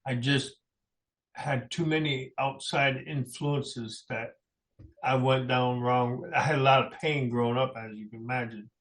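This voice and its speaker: A man's voice: medium pitch, steady tone, a little slow, fairly bright tone. A middle-aged man, a musician guest in a radio studio, tells personal stories in a rambling, anecdotal way with frequent chuckles. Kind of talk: personal storytelling in a radio interview.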